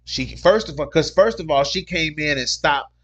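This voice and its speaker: Excitable man hosting a fight-chat livestream. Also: a little high, moderate pace, dull audio. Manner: excitable, repeats himself, slangy. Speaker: MMA livestream host. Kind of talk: casual livestream chat reading viewer comments.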